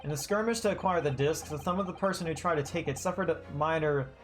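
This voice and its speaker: A streamer voicing a young defense lawyer from a text game, earnest and steady. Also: medium pitch, fast talker, soft background music, natural voice. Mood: firm.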